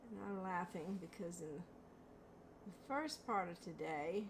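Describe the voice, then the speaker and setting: A woman's voice: on the low side, measured pace, background noise. An older woman hosting a home craft video, chatting in a rambling way and laughing at herself while she paints. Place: home studio.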